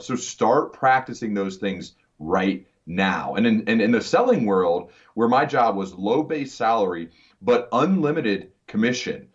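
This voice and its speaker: A man's voice: medium pitch, expressive, unhurried. A man hosting a podcast interview, talking earnestly and often restarting his words. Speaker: podcast host. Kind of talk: conversational interview. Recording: dull lo-fi sound.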